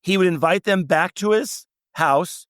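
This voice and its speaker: A middle-aged man, a travel writer guest, telling long anecdotes and quoting people in animated storytelling. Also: high voice, unhurried, no echo. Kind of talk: storytelling interview.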